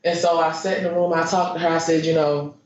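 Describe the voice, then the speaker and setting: A woman giving courtroom testimony, halting and repeating herself with many fillers. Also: low-pitched, little pitch movement, slight background noise. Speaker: witness. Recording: echoey muffled courtroom stream.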